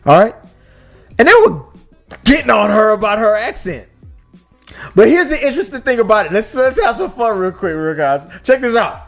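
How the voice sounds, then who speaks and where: A man riffing casually on a movie podcast, his voice sitting a little higher than most men's. He rambles and restarts, piling on fillers as his thoughts race ahead, and faint music hums quietly behind him. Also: big pitch swings, moderate pace, long pauses. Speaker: podcast co-host.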